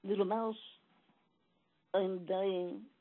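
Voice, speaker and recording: A woman voicing a beautiful, gentle male wolf in a storybook tale, speaking softly. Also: mid-range voice, steady tone, very slow. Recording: tinny phone-like recording.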